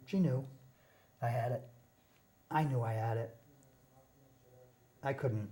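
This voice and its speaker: A man, a guest on a TV interview show, telling a personal story in an earnest, halting way, often repeating words. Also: mid-range voice, warm tone. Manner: earnest, passionate about recovery.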